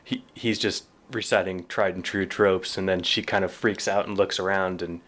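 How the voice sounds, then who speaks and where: Guy with a lowish voice chatting books on a podcast, reads bits out, laughs a lot. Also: moderate pace. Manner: reads passages aloud with lively quoted voices, chuckles often. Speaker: podcast co-host. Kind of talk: casual book discussion.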